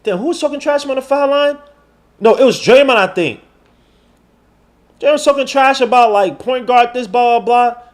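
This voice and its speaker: A man hosting a podcast in casual chat, slangy and rambling, swinging from loud outbursts to low mutters. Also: normal speed, long pauses. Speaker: podcast host. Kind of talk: casual live-stream chat.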